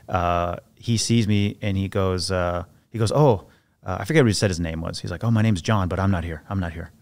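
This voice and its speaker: A man, a former soldier, telling stories as a podcast guest in a casual, animated way with many restarts. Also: lowish voice, clear, resonant tone. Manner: animated storyteller, acts out quoted voices, many restarts. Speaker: podcast guest, former Navy SEAL sniper. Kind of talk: casual storytelling interview.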